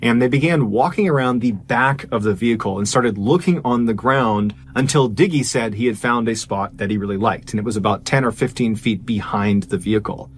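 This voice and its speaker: A man's voice: medium pitch, fairly quick, few pauses. A man telling a true crime story in a conversational, emphatic way.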